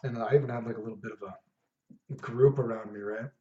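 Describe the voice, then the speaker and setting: A man's voice: medium pitch, steady tone, brisk, warm tone. A man casually telling stories to camera about reactions to his fragrances, rambling with lots of fillers and asides. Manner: rambling, laid-back, many fillers and asides. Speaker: fragrance vlogger. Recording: echoey room, dull lo-fi sound.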